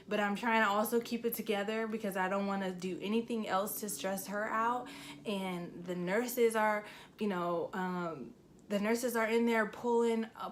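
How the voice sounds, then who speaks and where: A woman's voice: mid-range voice, a little hiss or hum. A young woman in her twenties, vlogging a casual story time, chatty and full of fillers, emotional as she retells it.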